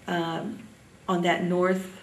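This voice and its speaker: An older woman from Indiana reminiscing in an oral history interview, halting often with ums. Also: lowish voice, flat delivery, reverberant, far from the mic, low-quality recording.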